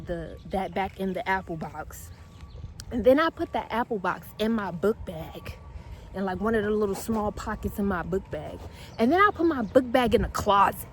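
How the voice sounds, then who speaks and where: A young woman vlogger telling a casual storytime, chatty and animated with slangy asides. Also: medium pitch, slight background noise.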